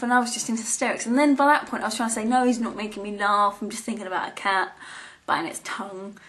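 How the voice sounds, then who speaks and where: Young woman, slightly high voice, casual rambling vlogger, giggly. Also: fairly bright tone. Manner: rambling and giggly, many ums and restarts. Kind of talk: casual chat to camera.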